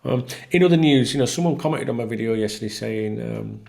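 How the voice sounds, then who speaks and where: A man vlogs about football in a casual, exasperated ramble, swearing bluntly as he goes. His voice has a gravelly, creaky edge at an ordinary middle pitch. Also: fast, darkish tone. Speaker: football fan vlogger. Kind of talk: casual solo talk to camera.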